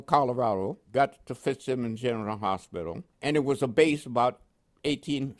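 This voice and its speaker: An older man from Panama with a New York accent touched by West Indian inflections, telling his life story in an interview and chuckling often. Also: medium pitch. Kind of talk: oral history storytelling.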